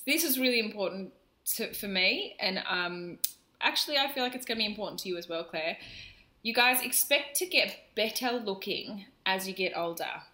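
A woman in her thirties co-hosts a casual chat, teasing her friend and breaking into laughter. Her voice is bright and ringing, and she spins stories with playful energy. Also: mid-range voice, expressive, moderate pace, echoey room. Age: 30s. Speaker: podcast co-host.

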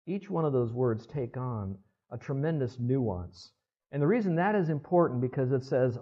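A man's voice: mid-range voice, very animated, normal speed. Male pastor, 60s, chatty sermon delivery, dull lo-fi sermon recording. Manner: conversational, asks the congregation for responses.

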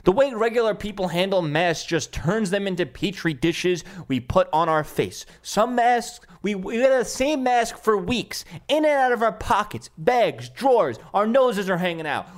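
A young man with a New York accent, hosting a podcast and ranting in a heated, profane, combative way, with bursts of shouting. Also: sits high, expressive, normal speed, few pauses. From Staten Island, New York. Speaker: podcast host. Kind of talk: opinionated podcast rant.

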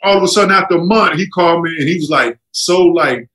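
A middle-aged man telling stories in a casual chat, animated and acting out what others said. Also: fast talker, poor audio. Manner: animated, acts out quotes with jumps in pitch. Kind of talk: casual storytelling.

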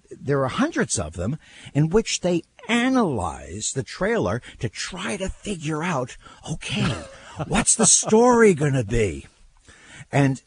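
An older man hosting talk radio, telling stories in casual chat with a husky voice and lots of repeated words. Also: medium pitch, slight background noise. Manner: animated storyteller, repeats words, laughs.

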